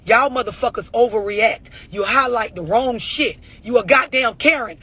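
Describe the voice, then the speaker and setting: A man's voice: very high-pitched, moderate pace, few pauses, pushed and bright, husky, no room sound. A man giving a blunt, profane motivational rant about overreacting, full of rhetorical questions. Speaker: motivational speaker.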